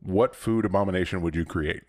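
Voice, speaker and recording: A man's voice: low voice, brisk. A young man co-hosting a podcast in casual chat, rambling through stories and laughing often. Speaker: podcast co-host.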